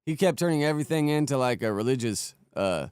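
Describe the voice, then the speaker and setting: A man with a smooth, clear voice at a medium pitch, hosting a podcast and commenting in an easygoing, rambling way. The sound is dry and close. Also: lively intonation, fast talker, darkish tone, dry recording. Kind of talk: casual podcast chat.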